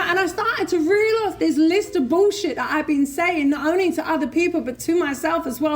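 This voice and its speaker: Blunt, swearing London woman. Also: high-pitched. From England. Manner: blunt, swearing, animated storytelling. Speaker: recovery speaker. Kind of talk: recovery share at a convention. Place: convention hall stage. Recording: faint room noise at a convention.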